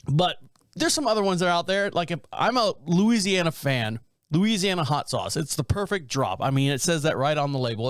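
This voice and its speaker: A man in his thirties chats alone on his podcast, rambling and poking fun at himself. His voice sits a bit high. The recording is close and dry, with no room sound. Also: a bit bright, no room sound. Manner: rambling, jokey, self-mocking asides. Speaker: podcast host. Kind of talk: casual solo podcast chat.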